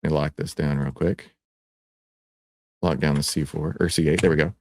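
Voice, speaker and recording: A man with a Texan accent hosting a livestream, playful and teasing, often jumping to excited shouts. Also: extremely low pitch, normal speed, no echo. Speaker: livestream host. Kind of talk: animated livestream presentation.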